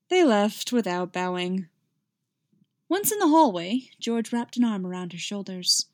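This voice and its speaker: A woman's voice: lowish voice, lively intonation, a little slow, pauses often, no echo, clean studio sound. A woman reading a story aloud, then chatting with many fillers about it. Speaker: story reader.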